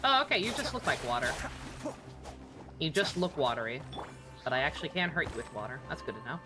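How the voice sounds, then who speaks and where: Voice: mid-range voice, sing-song, brisk, over music. A streamer chatting casually over gameplay, swearing freely and laughing often.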